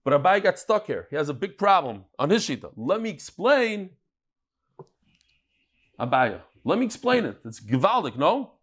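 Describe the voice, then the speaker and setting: A man, teaching a daily Talmud class in a lively, joking way, acting out the quotes he reads. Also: high-pitched, moderate pace, husky.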